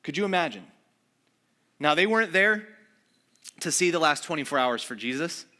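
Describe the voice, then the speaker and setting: A man's voice: fairly high pitch, lively intonation, moderate pace, bright, forceful tone. A man preaching a sermon as pastor, telling a scripture story in a casual, conversational way and acting out the lines of the people in it.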